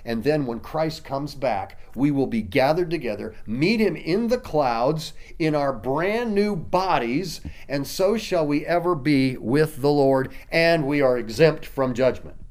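A man preaching a sermon, reading scripture slowly and rising into emphatic bursts. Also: fairly high pitch, a little mellow. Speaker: pastor.

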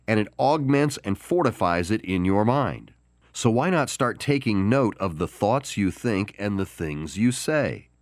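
A man hosting a Christian podcast, delivering an encouraging devotional talk with deliberate pauses and emphatic stress on key words. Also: on the low side, no room sound, clean studio sound. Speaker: podcast host.

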